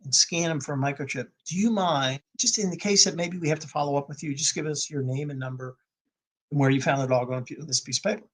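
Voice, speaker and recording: A man voicing a kind female shelter worker who speaks gently and helpfully, in a husky voice. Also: a little high, fast talker. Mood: gentle.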